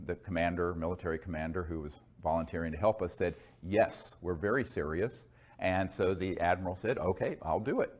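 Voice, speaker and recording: A man telling a long personal story in a rambling, digressive way, full of asides and fillers. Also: sits low. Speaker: speaker recounting experiences. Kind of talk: conversational storytelling monologue.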